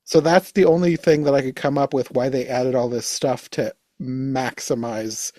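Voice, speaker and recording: A man chatting casually on a podcast, relaxed and hedging, often saying "like". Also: mid-range voice, moderate pace, dry recording. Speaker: podcast host.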